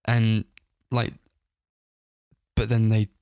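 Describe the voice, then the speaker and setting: A man's voice: lowish voice, monotone, very slow, mellow, clear, resonant tone, no echo, studio quality. A man co-hosting a casual film review podcast, retelling scenes in a rambling way full of fillers and laughing as he goes. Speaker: podcast co-host.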